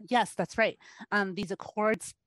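A woman's voice: medium pitch, steady tone, unhurried, no echo, clean studio sound. A woman journalist answering radio interview questions, losing her voice and coughing now and then, talking casually with lots of fillers and restarts. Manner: conversational, many fillers and restarts. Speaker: journalist guest.

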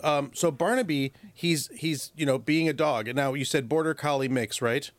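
A man's voice: on the high side, normal speed, no room sound. A man, a professional dog trainer, giving advice to a caller on a call-in radio show and acting out dog and owner voices as he explains.

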